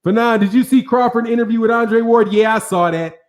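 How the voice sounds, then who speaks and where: A man's voice: very high-pitched, brisk. A man hosting a boxing channel livestream. He reads out viewer chat and talks to viewers in a casual, slangy, profane way. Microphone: studio microphone with several cameras.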